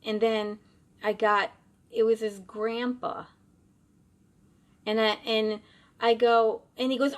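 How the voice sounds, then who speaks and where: Animated woman telling a spooky story. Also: on the high side, unhurried. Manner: animated, acts out both sides of conversations. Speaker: psychic medium and former bartender. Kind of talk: casual storytelling to camera.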